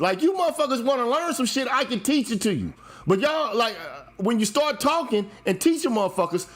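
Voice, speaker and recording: A man hosting a show, delivering a heated, profane monologue and lecturing emphatically. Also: extremely high pitch. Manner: lecturing, emphatic, swears often. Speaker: show host.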